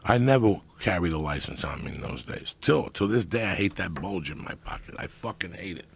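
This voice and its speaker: A middle-aged man telling profane comic stories in a loud, animated way. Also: low-pitched, a little fast, gravelly, husky. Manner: loud animated storytelling with heavy swearing. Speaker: podcast guest storyteller. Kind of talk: profane comedic storytelling.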